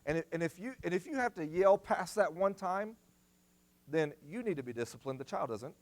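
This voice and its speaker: A man's voice: high-pitched, lively intonation, brisk. A middle-aged man preaching a sermon at a church family seminar, emphatic and repeating his commands for stress. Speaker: guest speaker at family seminar.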